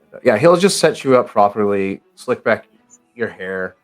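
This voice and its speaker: Guy gm rambling casually, lowish voice, calls people mate, faint music underneath. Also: lively intonation, moderate pace. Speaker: game master. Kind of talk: narrating a tabletop game.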